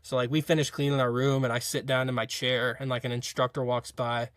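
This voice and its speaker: A young college football player telling a story in a casual interview, rambling with frequent fillers and restarts. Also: male voice, mid-range voice, little pitch movement, a little fast, no echo. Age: young adult.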